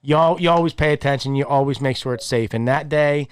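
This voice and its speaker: A man hosting a podcast, telling a long story in a rambling, animated way, often repeating words and chuckling mid-sentence. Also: medium pitch, fast talker, clean tone. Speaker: podcast host. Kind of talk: casual chat.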